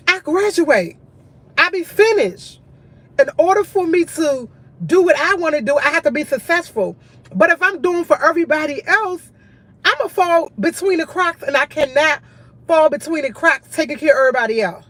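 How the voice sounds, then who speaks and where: A high-pitched woman with a sharp tone talks candidly to her livestream audience in a recording with no echo. An adult in college with a school-age son, she's tired and earnest, repeating short phrases as she circles back.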